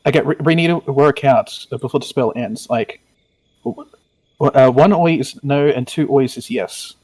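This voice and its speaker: A man's voice: mid-range voice, moderate pace, darkish tone, slightly rough, dry recording, rough recording. A man playing a tabletop game over voice chat, talking hesitantly with restarts and frequent laughs. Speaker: player.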